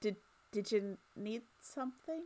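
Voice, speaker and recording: A woman's voice: medium pitch, animated, a little slow, dark tone, lightly acted. A woman voicing a cheerful, flustered townsperson who bakes cupcakes, stammering and hesitant.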